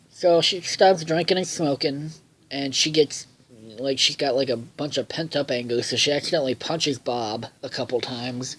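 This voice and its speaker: A man's voice: mid-range voice, moderate pace, poor audio. Rambling man recapping a cartoon episode. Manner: rambling, many fillers, swears freely; loses track and backtracks. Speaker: episode reviewer.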